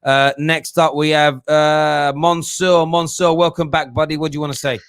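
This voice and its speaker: A man's voice: fairly high pitch, level tone, moderate pace, a bit bright, clean tone, no room sound, clean studio sound. A man hosting a fan call-in show with a chatty, joking manner who laughs easily with callers. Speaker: host.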